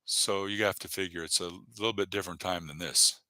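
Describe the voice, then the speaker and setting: A man with a fairly low but bright, forceful voice talks loosely through a livestream, encouraging viewers and reading their chat aloud. The sound is dry and close, with no room around it. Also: steady tone, a little fast, no echo. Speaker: YouTube livestreamer.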